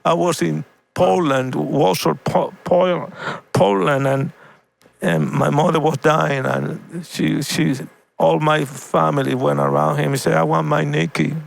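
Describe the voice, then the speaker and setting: A man, an evangelist guest, telling his personal testimony haltingly, repeating and restarting words with deep feeling. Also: fairly even intonation, gravelly.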